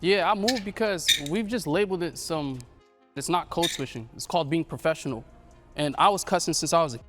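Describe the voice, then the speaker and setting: Assertive man with higher voice. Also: fairly quick, over music. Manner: assertive, emphatic. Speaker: hip hop platform runner. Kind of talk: panel discussion.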